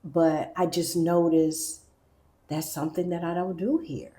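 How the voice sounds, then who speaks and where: A woman from the United States talking casually to camera in a chatty, animated way, acting out little quoted asides. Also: on the low side, a little slow, echoey room. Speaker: vlogger.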